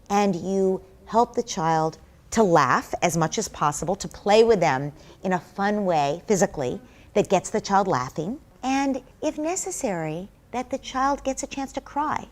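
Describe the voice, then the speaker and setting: A woman's voice: lowish voice, expressive, a little slow, a little mellow. A woman speaks as a guest expert in an interview, earnest and explanatory. She lays out her advice step by step, slipping into short acted-out exchanges with a child. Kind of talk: interview answer.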